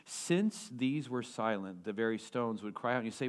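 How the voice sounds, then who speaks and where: Animated man preaching a sermon. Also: mid-range voice, moderate pace. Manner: animated preaching with rhetorical questions and repetition. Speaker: pastor.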